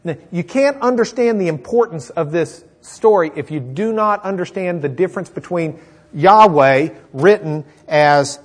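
A man preaching a sermon, retelling a Bible story in a lively way and acting out the characters' lines. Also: a little high, unhurried.

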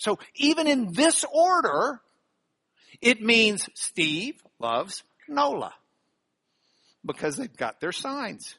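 A bible teacher speaks to a live audience in a bright, forceful voice with a breathy edge. His pitch swings lively as he walks through each point step by step, checking in with quick rhetorical questions.

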